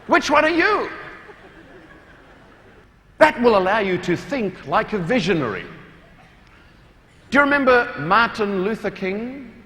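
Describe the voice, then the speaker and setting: A man with a New Zealand accent giving a humorous talk to a large hall audience, animated and playful, with loud acted-out quotes. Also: high-pitched, unhurried, pauses often. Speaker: motivational speaker. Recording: reverberant hall, faint room noise.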